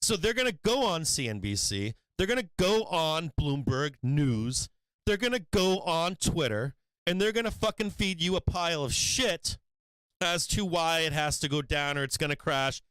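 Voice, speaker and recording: A man hosting a market live stream, ranting with profane, emphatic fire. His voice sits high and swings widely in pitch. It sounds close and dry, with no room echo. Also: animated, normal speed, fairly bright tone, clean tone. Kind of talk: heated market commentary rant.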